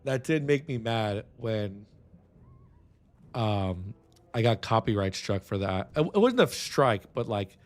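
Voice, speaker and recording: A man's voice: lowish voice, animated, takes it slowly. Rambling streamer guy. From San Antonio, Texas. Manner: rambling, restless, swears freely. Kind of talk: casual stream chat.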